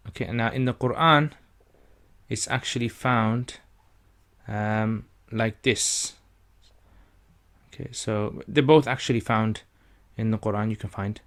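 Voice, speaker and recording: Slow, patient male reading teacher. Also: lowish voice, a bit bright. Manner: patient, repeats syllables and stretches vowels for learners. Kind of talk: slow step-by-step lesson.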